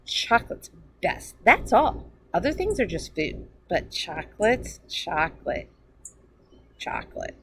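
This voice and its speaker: A woman's voice: medium pitch, very animated, unhurried. Stubborn chocolate-loving boy, as a woman puts him on. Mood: insistent. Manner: stubborn, insistent. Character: young boy who loves chocolate. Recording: background noise.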